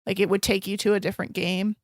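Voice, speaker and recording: 30s woman on a podcast, normal pitch, upbeat, moves things along. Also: little pitch movement, fast talker, gravelly, dry recording, studio quality. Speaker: podcast co-host. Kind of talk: casual chat.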